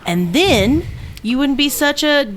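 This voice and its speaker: Casting: woman player, higher voice, very animated, faint background hiss. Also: slow. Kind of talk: in-character table talk.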